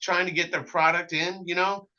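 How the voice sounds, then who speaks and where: Bright-voiced man telling animated stories. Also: high-pitched, normal speed, muffled recording. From American Midwest. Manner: animated anecdotes with many fillers and restarts. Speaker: cigar maker, guest. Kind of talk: casual storytelling interview.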